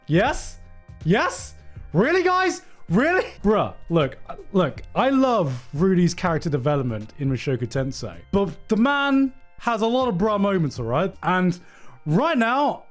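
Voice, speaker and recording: A man streaming live, reacting to anime award nominations in an emphatic, swearing, animated commentary. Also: high-pitched, moderate pace, soft background music.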